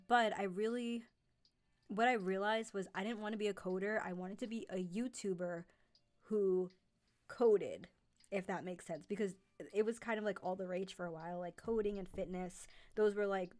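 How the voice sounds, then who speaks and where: A woman's voice: lowish voice, a little mellow. A young woman chatting casually on a live stream, rambling, with many fillers and self-corrections. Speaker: streamer and narrator.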